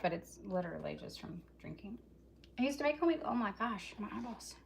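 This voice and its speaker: A woman's voice: mid-range voice, very animated, brisk, creaky. A woman doing a live cooking vlog in her home kitchen, rambling chattily and talking straight to her viewers. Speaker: cooking vlogger. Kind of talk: casual live cooking chat. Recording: loud kitchen chopping noise. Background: chopping and kitchen clatter.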